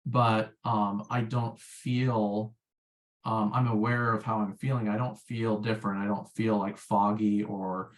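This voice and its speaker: A man's voice: on the low side, little pitch movement, measured pace. A man, a former sales rep chatting as an interview guest in a rambling, filler-heavy way. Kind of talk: casual interview chat.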